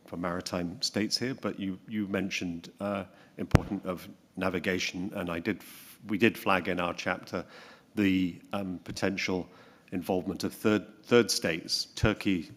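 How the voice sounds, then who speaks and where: Deep-voiced panelist in a reverberant hall. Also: male voice. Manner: thoughtful, repeats words while thinking. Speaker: panelist answering questions. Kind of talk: conference panel answer. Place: conference hall.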